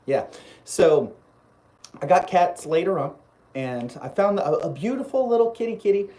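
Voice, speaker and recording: Rambling, animated live stream storyteller. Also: mid-range voice, normal speed. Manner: rambling and animated, with frequent restarts; reads viewer comments aloud and replies.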